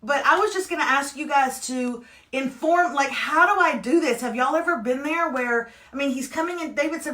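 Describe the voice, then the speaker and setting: A woman, co-hosting a live morning show in animated, playful casual chat. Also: high voice. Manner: animated, playful, quick asides.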